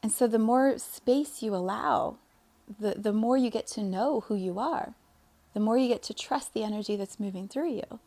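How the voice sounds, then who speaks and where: At a normal pace and a fairly high pitch, the young spiritual coach speaks earnestly to motivate her listeners. She often laughs, and at times her voice sinks to a quiet whisper.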